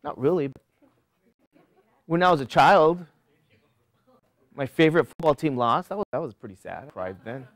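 A male college instructor wanders off topic to give his students life advice. His voice is animated, rising and dropping sharply, and he keeps quizzing the class with rhetorical questions. The sound is dry and close, with almost no room echo. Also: on the high side, normal speed, pauses often. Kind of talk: classroom lecture digression.

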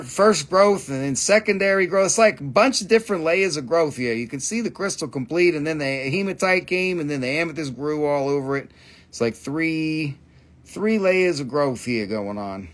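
This live-stream crystal seller is a middle-aged Appalachian man with a mid-range voice. Hosting his relaxed sales broadcast, he rambles about his stones, curses without restraint, and calls out prices and buyer numbers.

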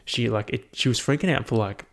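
A man's voice: mid-range voice, a little fast, creaky. Swearing, rambling man. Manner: rambling, heavy swearing, amused. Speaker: podcast host. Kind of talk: casual solo monologue. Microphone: headphones and podcast mic.

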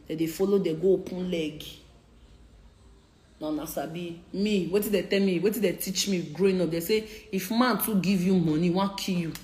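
A woman's voice: on the low side, darkish tone. Young Nigerian woman ranting, roomy sound. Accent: Nigerian Pidgin English. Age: 20s. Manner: confrontational, repeats her points. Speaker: social media personality. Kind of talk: heated Instagram live rant.

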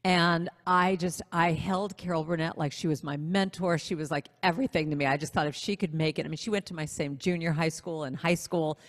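Lively woman telling a story, echoey. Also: sits low, a little fast, few pauses. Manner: animated, self-deprecating storyteller. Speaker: singer-songwriter guest. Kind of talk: storytelling in a casual interview. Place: online video interview.

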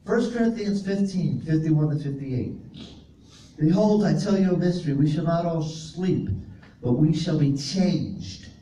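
A man's voice: on the high side, measured pace, mellow, distant mic. Man preaching in an echoey hall. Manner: reads scripture aloud and explains Greek words to a congregation. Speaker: pastor. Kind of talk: sermon with scripture reading. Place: fellowship hall. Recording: roomy echo, voice from off-mic, faint noise.

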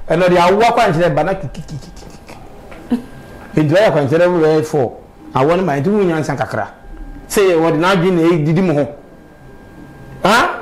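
A man's voice: on the high side, low-quality recording. A man talking animatedly in a casual street interview, with emphatic bursts and sudden exclamations.

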